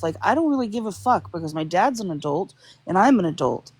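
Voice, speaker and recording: A woman's voice: fairly low pitch, big pitch swings, a little fast, slightly rough. A young adult woman on a livestream chat, upset and venting in a casual way. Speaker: live stream participant.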